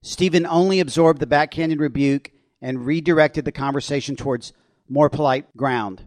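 A man with a fairly high voice reads from his own suspense novel, telling it steadily and expressively. The sound is dry and close-miked, with no room echo. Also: moderate pace. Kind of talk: author reading his novel aloud.

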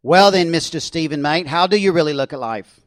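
A cocky, loud Australian outback guide, as a male author puts him on, needling and full of himself. The voice sits a little higher and punchier than the reader's own, and it sounds dry and close, with no room around it. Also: brisk, no room sound, lightly acted. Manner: boastful, needling, loud and pushy. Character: brash, confident Australian outdoorsman, adult man.

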